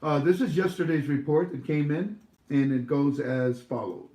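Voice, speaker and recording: A man's voice: a little high, normal speed, dark tone, echoey room. A man hosting an online show in a casual monologue, rambling and sarcastic, with lots of fillers and restarts.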